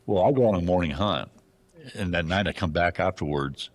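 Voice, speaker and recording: A man's voice: sits low, fairly quick. A man from Arizona, a bowhunter and guest on a show, telling casual stories that he acts out, with many restarts. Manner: animated anecdotes, acts out other people's lines, frequent restarts. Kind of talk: casual storytelling.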